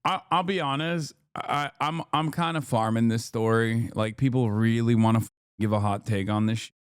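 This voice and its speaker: A man's voice: medium pitch, fairly even intonation, moderate pace, clear, resonant tone. A man in his thirties doing sarcastic, profane live-stream commentary, laughing often.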